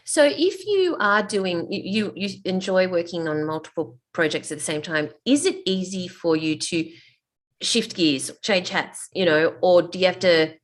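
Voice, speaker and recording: A woman interviewer asking questions with curious, animated interest. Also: fairly low pitch, a little slow.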